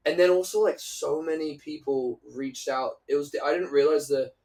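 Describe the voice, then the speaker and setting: A man's voice: fairly high pitch, normal speed, darkish tone, recorded from a distance, low-quality recording. Casting: young English-born man, loose rambling guest, a bit off-mic. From England. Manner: rambling, restarts sentences, casual swearing. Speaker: guest singer. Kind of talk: casual interview chat.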